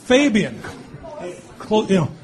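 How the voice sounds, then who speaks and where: A man in his fifties or sixties, a mayor teasing children at a public meeting with quick jokes and frequent laughs. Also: sits high, sing-song. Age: born 1964, 50s or 60s. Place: meeting hall with an audience. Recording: crowd noise behind. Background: crowd.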